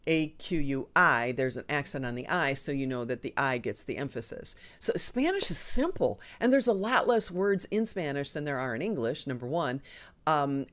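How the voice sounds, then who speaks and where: A woman hosting a live online show, chatting casually and enthusiastically with frequent ums and a lively, swinging delivery. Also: low-pitched. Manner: chatty and enthusiastic, talks with her hands in the air of her voice, frequent ums. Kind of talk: casual live-stream chat.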